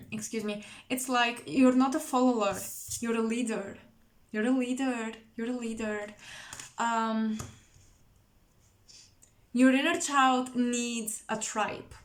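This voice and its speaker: A woman doing an intuitive tarot reading to camera, musing and searching for words with many pauses. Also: on the high side, echoey room. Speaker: tarot reader.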